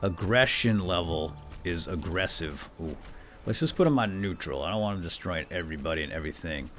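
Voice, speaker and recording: A man hosting a gameplay video, muttering quietly to himself and then shouting with excitement. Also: low voice, brisk, noisy background. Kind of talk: excited let's-play commentary.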